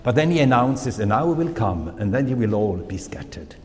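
A man with a German accent, a native German speaker, preaching a sermon in slow, deliberate phrases with pauses and fillers. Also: mid-range voice, sing-song, long reverb tail.

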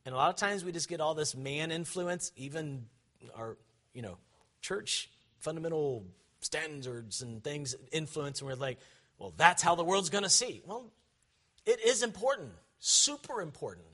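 A man preaching with fervor, his voice high and bright. He swings between ringing, shouted declarations and low, chatty asides to his congregation. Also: lively intonation, normal speed. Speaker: pastor. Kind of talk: sermon.

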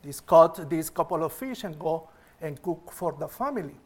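A preacher voicing an easygoing village fisherman, high voice. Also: expressive, moderate pace. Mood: content. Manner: simple questioning, repeating "then what".

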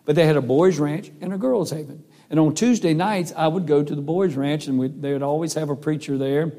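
A man's voice: on the high side, brisk, dark tone. A middle-aged man preaching a sermon in an earnest, folksy, emphatic way. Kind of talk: sermon with personal story.

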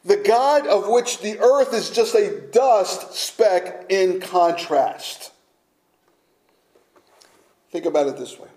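A man preaching a sermon slowly and emphatically, sometimes dropping to a near-whisper for effect. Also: sits high, animated, dark tone, poor audio.

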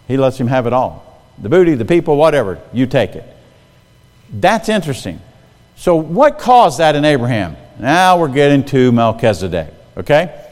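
A man preaching a sermon, animated and lively, asking his listeners direct questions. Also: mid-range voice, moderate pace, big-room sound. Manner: animated, talks straight to the audience with questions.

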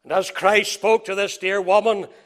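A man with a high voice preaching a sermon. He moves between loud, emphatic declarations and soft, hushed lines, repeating key phrases in an old-fashioned scriptural manner. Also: steady tone, normal speed.

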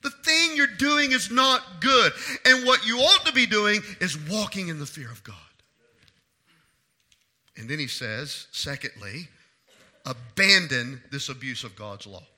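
A pastor delivering an impassioned sermon in a strikingly high voice. He swings from forceful, near-shouted appeals to his congregation to hushed, earnest asides. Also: expressive, a little slow. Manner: impassioned preaching, rising to shouts then dropping low.

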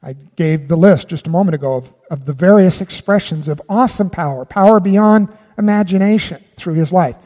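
A man's voice: high-pitched, brisk, hardly any pauses, dark tone, long reverb tail. A man preaching a sermon as pastor, emphatic and often putting questions to his listeners.

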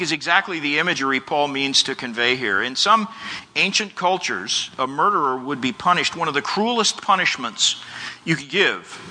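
A man preaching an expository sermon as a pastor, speaking in an earnest, measured way and reading long quotations. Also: a little high, pushed and bright. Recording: long reverb of a large hall.

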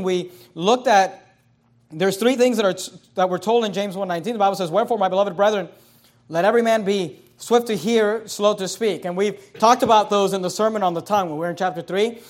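A male pastor preaching a sermon with passion, building repeated phrases up to loud, emphatic peaks. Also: high-pitched, brisk. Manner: repetitive preaching cadence.

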